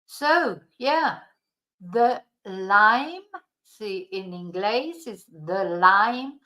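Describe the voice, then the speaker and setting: A woman teaching fruit vocabulary in a bilingual lesson, slowly and carefully repeating each word for pronunciation. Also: mid-range voice, expressive, sharp tone, poor audio. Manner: slow, careful pronunciation drills. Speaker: language teacher.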